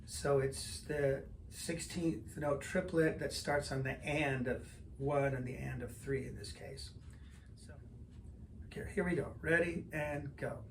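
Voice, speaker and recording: An older man teaching drums, explaining patterns in a relaxed way and counting in before he plays. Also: mid-range voice, a little slow, gravelly, very noisy. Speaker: drum teacher. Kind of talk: instructional lesson talk.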